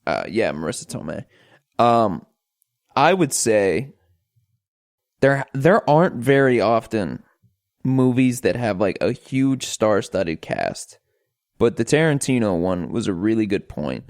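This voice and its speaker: A man co-hosting a podcast in a relaxed, teasing way with lots of "um". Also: on the low side, measured pace, no room sound, clean studio sound. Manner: teasing, laid-back. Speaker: podcast co-host. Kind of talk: casual podcast chat.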